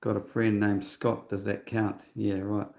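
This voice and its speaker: Sixties guy rambling on a livestream, scornful, dark mellow voice, echoey room. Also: on the low side, little pitch movement, unhurried, vocal fry. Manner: scornful, rambling, chatty asides. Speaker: livestream host. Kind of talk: rambling casual livestream monologue.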